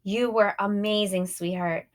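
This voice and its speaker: A woman's voice: medium pitch, fairly even intonation, unhurried, close to an everyday voice. A woman reading a proud, hearty dad. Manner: hearty praise. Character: proud, warm middle-aged father.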